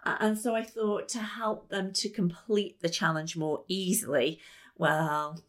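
A woman giving an upbeat motivational talk to a live audience, laughing often and jumping to high, excited exclamations. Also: measured pace. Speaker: speaker. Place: business meeting room.

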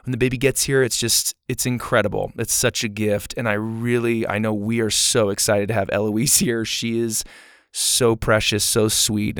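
A man's voice: lowish voice, no echo, clean studio sound. A man in his thirties, a podcast host reading listener reviews in a casual, enthusiastic and earnest way to young listeners.

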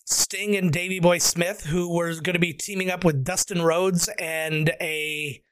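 Casting: high-pitched male podcast panelist, dry close sound, lively storyteller. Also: measured pace, clean tone, no room sound. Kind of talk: casual storytelling chat.

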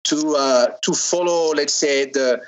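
A man's voice: fairly high pitch, unhurried, low-quality recording. A man with a French accent, a podcast guest explaining his topic in a hesitant way, often restarting and repeating words. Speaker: guest, sex toy maker. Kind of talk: casual podcast interview.

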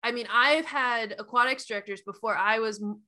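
A young adult woman co-hosting a casual podcast, playful and self-deprecating with quick asides. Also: on the high side, bright, forceful tone. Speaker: podcast co-host, aquatics director.

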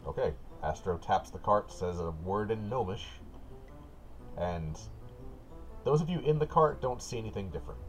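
A man running a tabletop game as game master, setting scenes in a relaxed, patient way. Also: lowish voice, normal speed, long pauses, faint music behind.

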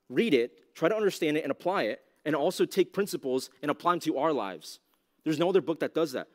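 Casual-talking male youth pastor. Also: a little high. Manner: casual, conversational, heavy use of "like"; asks the audience rhetorical questions. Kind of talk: youth ministry teaching talk.

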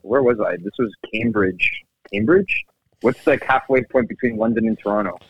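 A man as a guest in a casual chat, talking in a laid-back, halting way with swearing. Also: fairly low pitch, slightly rough, no echo, highs cut off.

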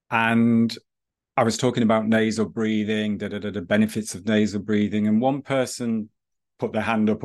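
A man who teaches breathing and running, telling stories in a relaxed podcast chat with many restarts. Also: lowish voice. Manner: storytelling, rambling with restarts.

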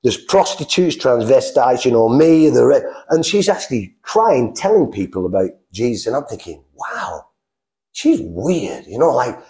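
A middle-aged man from England telling his life story in a casual, animated way, acting out the voices he quotes. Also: mid-range voice, moderate pace. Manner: animated, acts out quoted voices, frequent restarts. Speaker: guest telling his testimony.

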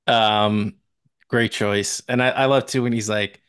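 A man co-hosting a podcast, relaxed, talking about favorite film scenes and acting out the quoted lines. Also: fairly low pitch, measured pace, clear, resonant tone, no echo. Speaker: podcast co-host. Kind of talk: casual movie review chat.

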